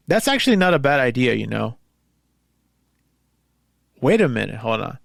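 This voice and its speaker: Brief: male host, gravelly voice, dry close sound, rambling casual commentary on posts he reads aloud. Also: mid-range voice, animated, unhurried, pauses often, a bit bright, no room sound. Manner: rambling and conversational. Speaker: podcast host.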